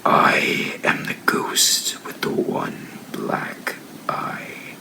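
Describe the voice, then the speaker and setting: A man voicing a menacing ghost from a basement in a spooky story, in a slow, drawn-out whisper. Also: pushed and bright, full character voice. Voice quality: gravelly whisper. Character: menacing one-eyed basement ghost, creepy.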